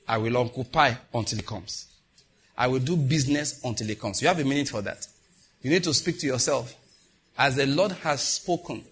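A man's voice: mid-range voice, a bit bright, slightly rough. A man preaching a sermon, reading scripture and leading the congregation in repeated declarations with emphatic delivery.

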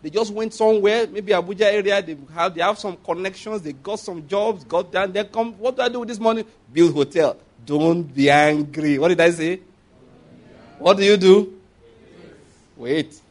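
A man's voice: sits high, moderate pace. A man, preaching a sermon in a conversational way, with asides and call-and-response. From Nigeria.

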